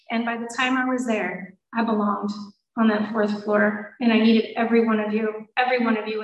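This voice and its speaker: A woman's voice: a little high, recorded from a distance. A woman giving a personal testimony to an audience, emotional and acting out the voices of the people she quotes. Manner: emotional, quoting others in changing voices. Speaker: speaker sharing a recovery story. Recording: roomy hall, voice from off-mic.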